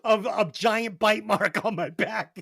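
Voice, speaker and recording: A man's voice: high-pitched, slow pace, gravelly, sharp tone, slightly rough, dry recording. A man hosting a music podcast, telling stories in a profane, laughing, casual way. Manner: profane, laughing anecdote teller. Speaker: podcast host, album reviewer.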